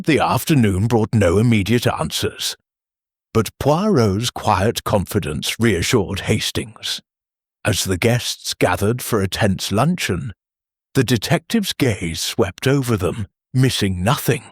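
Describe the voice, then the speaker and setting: A man narrating a mystery audiobook in a measured storytelling manner. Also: on the low side, expressive, breathy edge, no room sound, studio quality.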